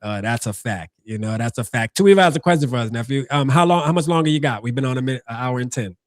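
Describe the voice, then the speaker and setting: A man hosting a casual sports podcast, animated and quick to give shout-outs, often repeating himself. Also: medium pitch, no room sound, clean studio sound. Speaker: podcast host.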